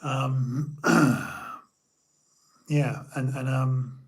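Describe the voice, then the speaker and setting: A man's voice: medium pitch, level tone, extremely slow, a little mellow, husky. A middle-aged man from Bournemouth, telling old stories in a rambling casual chat full of fillers and restarts. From Bournemouth, England.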